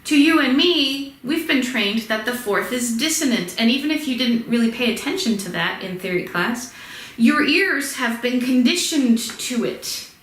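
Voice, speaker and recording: A woman's voice: fairly high pitch, lively intonation, moderate pace, a bit bright. A woman teaching music history in a chatty lecture, chanting rhythms aloud to demonstrate. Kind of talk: recorded lecture. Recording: echoey room with faint ambience.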